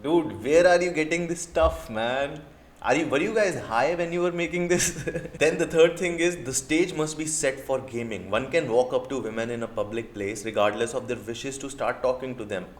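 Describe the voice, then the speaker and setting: A man's voice: mid-range voice, moderate pace, roomy sound. A man with an Indian English accent, a dating coach ranting in a reaction video, firing off indignant rhetorical questions and swearing.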